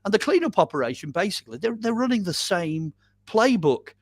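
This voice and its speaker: A man with a slightly higher voice than most recounts a tale as a podcast guest, lively and full of "um"s and "you know"s. The recording is close and dry, with almost no room sound. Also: a little fast, dry recording. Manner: animated retelling with many "um"s and "you know"s. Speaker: guest storyteller on a paranormal podcast. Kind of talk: casual interview storytelling.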